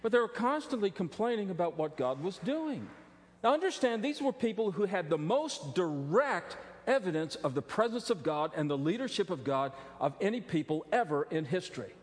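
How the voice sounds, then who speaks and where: Middle-aged guy preaching, high voice, cracks jokes, stumbles and restarts a lot, big echoey church hall. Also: normal speed. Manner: animated and joking, with frequent restarts. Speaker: pastor. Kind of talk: sermon. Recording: long reverb of a large hall.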